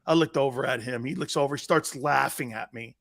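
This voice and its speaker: A man's voice: brisk, creaky. Brash, blunt male sports talk host. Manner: brash, blunt, swears freely, jumps between loud and low. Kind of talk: live sports talk show, reacting to chat.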